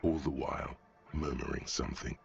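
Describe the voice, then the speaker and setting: A man giving gravelly scripted narration as a game's narrator voice. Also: rumbling low, steady tone, fairly quick, muffled recording, slight background noise. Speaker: game narrator voice.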